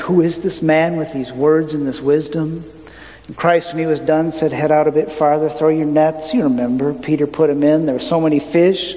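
A man's voice: fairly high pitch, a little mellow. A man preaching a sermon, telling the story with rhetorical questions put to the congregation. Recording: long reverb of a large hall.

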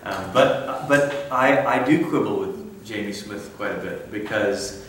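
At a church conference in a large room, a man talks wryly and conversationally, often breaking off into asides. His voice is on the low side, a bit bright, and a little slow. The echoey recording has a distant mic and some hiss or hum.

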